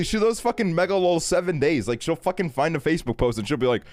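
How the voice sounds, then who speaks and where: A man's voice: on the high side, very animated, moderate pace, a little mellow, faint music behind. A man in his twenties chatting casually on a stream, ranting with plenty of swearing and frequent laughter. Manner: profane, ranting, laughs often.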